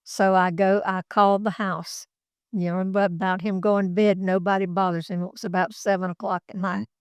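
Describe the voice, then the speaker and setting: A woman's voice: medium pitch, flat delivery, normal speed, smooth, dry recording. An older woman, a former executive assistant, telling rambling, folksy anecdotes in an office interview. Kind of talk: casual storytelling.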